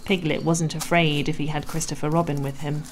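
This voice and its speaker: A woman narrating a children's storybook in a gentle, measured and expressive way. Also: low voice, slight background noise. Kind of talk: storybook reading.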